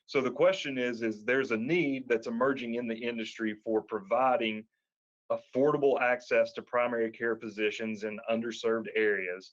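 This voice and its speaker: A male podcast co-host explaining an industry issue in a measured, analytical way. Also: medium pitch, steady tone. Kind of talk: analytical discussion. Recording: dull lo-fi audio.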